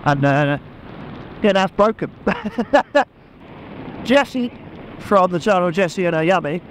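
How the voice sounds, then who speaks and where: A man chatting excitedly to a helmet camera while riding a motorbike, laughing often. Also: high voice, unhurried, a little hiss or hum, poor audio. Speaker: motorcycle vlogger. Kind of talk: casual chat while riding. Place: on a motorbike on open country roads. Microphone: helmet-mounted action camera.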